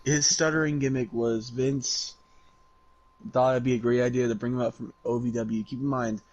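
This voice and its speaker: A man of middle pitch chats about wrestling on a podcast, filling in backstory for his co-host. He laughs a lot and swears casually. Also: flat delivery, normal speed, darkish tone, no echo, muffled recording. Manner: laughing, profane, explains backstory. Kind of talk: casual wrestling recap chat.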